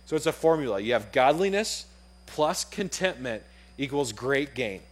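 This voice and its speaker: A young adult man preaching a sermon to his church, telling a story with acted-out dialogue in a lively, conversational way. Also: mid-range voice, brisk. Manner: animated storytelling, acts out dialogue. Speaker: pastor. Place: church auditorium.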